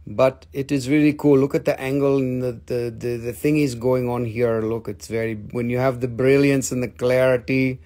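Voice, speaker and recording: A man's voice: medium pitch, flat delivery, moderate pace, hardly any pauses, dark tone. A middle-aged man hosting a live crystal sales stream, rambling and joking as he shows the pieces. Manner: rambling, jokey, showing pieces up close.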